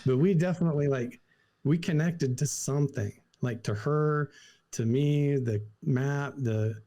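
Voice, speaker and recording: A young man from Idaho, a podcast guest, telling a personal story in a casual, animated way, full of "like" and acted-out quotes. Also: medium pitch, unhurried. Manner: animated, lots of "like" fillers, acts out quotes.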